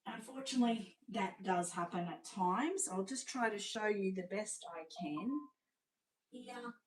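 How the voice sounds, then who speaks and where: An Australian woman hosting a live-stream sales showcase, chatty and gushing, often dropping to a hushed voice. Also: medium pitch, unhurried, distant mic, slight background noise. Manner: chatty, gushing, drops to a hushed voice over sweet babies. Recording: roomy sound, away from the mic.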